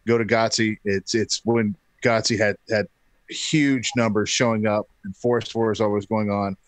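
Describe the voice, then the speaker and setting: Animated man telling a story. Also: fairly low pitch, moderate pace, dry recording. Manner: animated, acts out quotes. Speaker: podcast guest. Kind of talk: casual storytelling.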